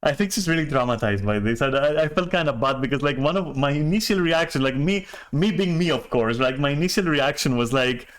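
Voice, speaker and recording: A man's voice: on the high side, expressive, brisk, few pauses. A man telling a story on a stream in a rambling, profane way, full of restarts and chuckles. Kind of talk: casual storytelling rant.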